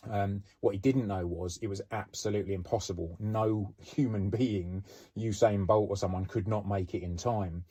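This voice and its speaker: A man's voice: low-pitched, mellow. A middle-aged man, a former police officer, casually telling anecdotes with lots of "you know" and "um". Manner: chatty, frequent "you know" and "um".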